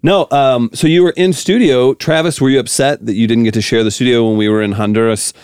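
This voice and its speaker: A man's voice: medium pitch, fairly even intonation, fairly quick, darkish tone, smooth, no echo. A man hosting a comedy talk radio show, teasing his co-host in dry banter.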